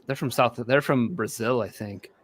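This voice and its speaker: A male host talking casually over a video call, hesitant, with many pauses and fillers. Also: medium pitch, no room sound. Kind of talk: casual chat. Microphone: video call mic.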